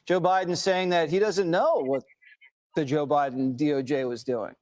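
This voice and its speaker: A man reading news narration as anchor, brisk and matter-of-fact. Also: fairly high pitch, fairly even intonation, a little mellow.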